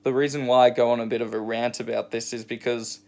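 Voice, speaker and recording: Rambling surf vlogger. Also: male voice, medium pitch, little pitch movement, quick pace, vocal fry, darkish tone. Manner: rambling, many fillers. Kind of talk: casual storytelling rant.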